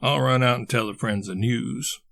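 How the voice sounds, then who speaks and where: Bluff, boisterous old colonel, put on by a male reader; gravelly, loud bursts. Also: mid-range voice, normal speed, dry recording, studio quality. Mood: rousing. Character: exuberant, bluster-prone older male colonel and schemer.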